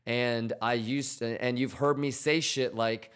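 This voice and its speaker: A man in the middle of a pitch range talks straight into a desk mic during a live trading stream. He is loud and teasing, swears freely and keeps checking in with his chat, repeating the same questions back to them. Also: fairly even intonation, a little slow, clean tone.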